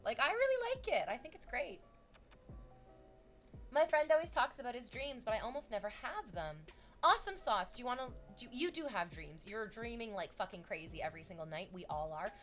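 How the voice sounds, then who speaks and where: A young woman streamer chatting casually with viewers, animated and swearing freely, her voice leaping up in excited bursts. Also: a little high, brisk, soft background music.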